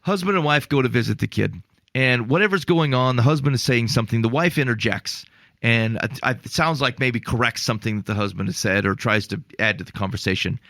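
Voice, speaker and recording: Male podcast co-host, gravelly and mid-range, dry booth sound; animated storyteller with exasperated asides. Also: medium pitch, a little fast, no echo. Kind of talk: casual podcast chat on faith.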